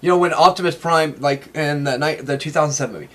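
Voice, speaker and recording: A man, chatting excitedly in an interview about his collection, rambling and laughing often. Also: on the high side, fast talker. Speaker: interview guest, toy collector. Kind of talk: casual interview chat.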